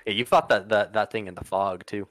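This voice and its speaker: A man's voice: lowish voice, steady tone, brisk, fairly bright tone, dry recording, soft background music, poor audio. A man narrating a tabletop game as game master, casual and profane, with lots of ums and uhs.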